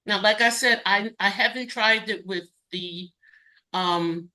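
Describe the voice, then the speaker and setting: Slow, bright-voiced woman guest. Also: mid-range voice. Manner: halting, self-correcting, many fillers. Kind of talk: casual cooking demonstration and personal story.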